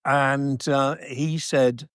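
A man's voice: mid-range voice, steady tone, drawn-out words, clear, resonant tone, dry recording, studio quality. A middle-aged man with a Geordie accent, rambling and self-deprecating in a casual chat with his wife.

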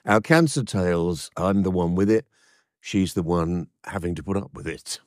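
Older man, very low voice, dry close sound, casual joking chat, plenty of ums and restarts. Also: steady tone, normal speed, no room sound. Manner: hesitant, joking, full of fillers. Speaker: podcast co-host.

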